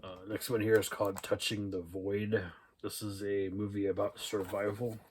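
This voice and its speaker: Low, flat-voiced guy rambling through a thrift haul. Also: moderate pace, slightly rough. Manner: relaxed and rambling, with many "uh" and "um" fillers. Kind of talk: casual haul video, reading out DVD titles and cast lists.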